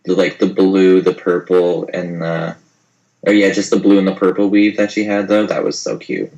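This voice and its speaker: A young man co-hosting a podcast in casual chat, expressive and gossipy, laughing often. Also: low voice, normal speed, creaky, highs cut off. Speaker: podcast co-host.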